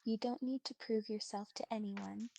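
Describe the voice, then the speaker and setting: A woman giving calm, polite, reassuring replies in an even chatbot voice. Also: mid-range voice, moderate pace, vocal fry, a little hiss or hum.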